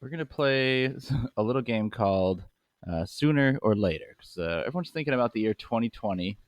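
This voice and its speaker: A young man hosting a comedy podcast, laid-back and quick to laugh as he runs a game. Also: mid-range voice, lively intonation, dry recording. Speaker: podcast host running the game. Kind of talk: casual comedy chat.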